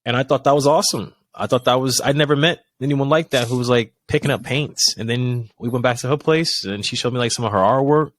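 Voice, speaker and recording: A man's voice: mid-range voice, brisk, hardly any pauses, dry recording. Rambling man telling a story, dry sound. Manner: rambling, filler-heavy storytelling. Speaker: podcast co-host. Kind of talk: casual chat.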